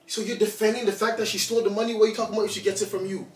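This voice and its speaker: A man hosting a family vlog, loudly accusing and repeating himself in a heated argument at home. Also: high-pitched, flat delivery, very fast. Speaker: vlog host and father. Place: bedroom at home. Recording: echoey room, mic far off, faint noise.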